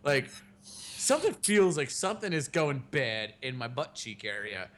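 Over a little hiss or hum, a man in his thirties hosts a podcast, his bright mid-range voice swinging widely in pitch at a slightly slow pace. He chats casually, telling meandering stories and cursing often.

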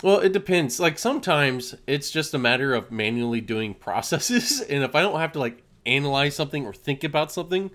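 A man's voice: on the high side, lively intonation, fairly quick, hardly any pauses, fairly bright tone. A man co-hosting a casual chat, telling stories animatedly and laughing often.

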